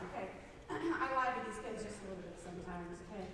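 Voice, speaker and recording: A woman's voice: mid-range voice, animated, fast, distant mic, slight background noise. Woman coach in an echoey gym. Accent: Midwestern American. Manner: warm storytelling, emotional, self-deprecating jokes. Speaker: girls basketball coach. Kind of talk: senior night speech to a gym crowd. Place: school gym, large hall.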